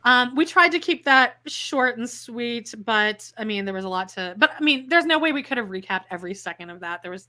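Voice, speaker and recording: A woman co-hosting a casual recap podcast, sarcastic and quick to laugh, acting out quotes as she retells scenes. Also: on the high side, expressive, pushed and bright. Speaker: podcast co-host.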